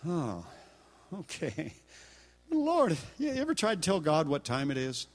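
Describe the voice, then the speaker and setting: An older man preaching, telling a story with animated acted-out dialogue and laughter. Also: on the high side, unhurried. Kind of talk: sermon storytelling.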